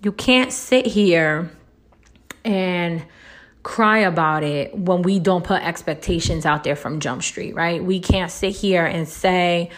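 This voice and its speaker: Blunt woman with constant rhetorical "right?". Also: measured pace. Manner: blunt and profane, tags nearly every point with a rhetorical "right?"; lively, swoops up high when making a point. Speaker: relationship advice vlogger. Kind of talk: casual monologue.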